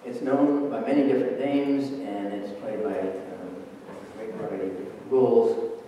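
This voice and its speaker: An older man with a low, mellow voice gives a wry, wandering lecture on mathematics. He is recorded from a distance in a big, echoing hall, with faint room ambience behind him. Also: fairly even intonation, moderate pace, slight background noise. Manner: dry, wry, digressive lecturing. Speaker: math professor giving a lecture. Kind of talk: public lecture with poetry reading.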